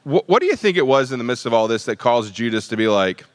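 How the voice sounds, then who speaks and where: A man leading a midweek Bible study, conversational and animated, acting out the disciples' lines. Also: medium pitch, fast, few pauses, no echo.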